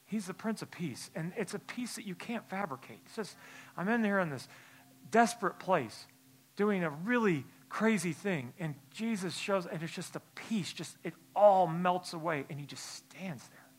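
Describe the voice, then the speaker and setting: A man preaching a sermon in church, telling a personal story in a hushed, halting voice, then building into a forceful exhortation. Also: sits high, expressive, husky. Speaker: pastor. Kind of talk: sermon testimony.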